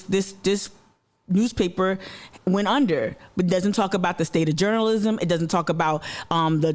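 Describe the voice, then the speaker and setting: A man with a Southern US accent giving blunt, casual commentary as an activist host, cursing and mocking others' voices. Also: high-pitched. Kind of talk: casual commentary on a played clip.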